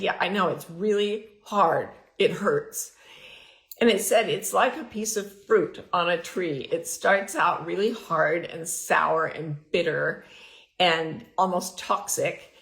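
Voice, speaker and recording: A middle-aged woman hosts her podcast, sharing a candid personal story and acting out her inner dialogue with big swings in her voice. Her voice is medium-pitched and a bit bright, in an echoey room.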